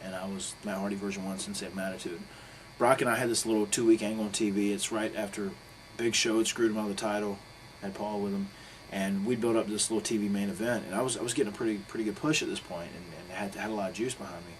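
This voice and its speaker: A middle-aged man telling a story in a casual interview, swearing freely and acting out quotes with sudden loud bursts. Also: lowish voice, fairly even intonation, fast, slight background noise, rough recording.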